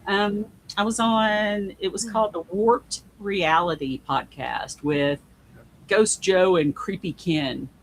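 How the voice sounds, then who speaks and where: A woman's voice: medium pitch, slow, a little hiss or hum, rough recording. A woman guest on a podcast, telling a personal story in an earnest, emphatic way. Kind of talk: casual conversation.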